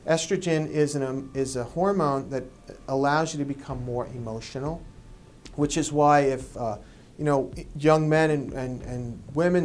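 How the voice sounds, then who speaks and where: Man, medical expert, explaining, animated quotes. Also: mid-range voice, slight background noise. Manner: animated, acts out quoted people. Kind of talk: explanatory interview.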